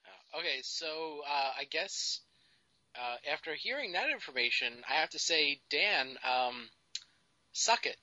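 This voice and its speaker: Bright, rambling male podcast co-host. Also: on the high side, lively intonation, measured pace, no room sound, muffled recording. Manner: rambling, lots of "like". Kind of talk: casual podcast chat.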